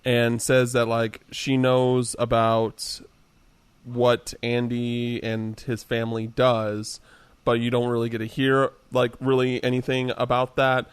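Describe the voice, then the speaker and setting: Man, clear smooth voice, relaxed podcast recap, halting with "uh", dry close sound. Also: mid-range voice, no room sound. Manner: relaxed recap with many "uh" pauses. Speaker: podcast co-host. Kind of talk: casual chat recapping a video game.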